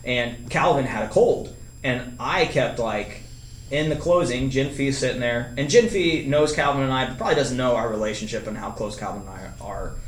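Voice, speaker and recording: A man's voice: mid-range voice, normal speed, echoey room, distant mic, low-quality recording. A man talking as a podcast guest, telling a long story casually, acting out what people said and laughing often. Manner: animated storyteller, laughs often, acts out quotes.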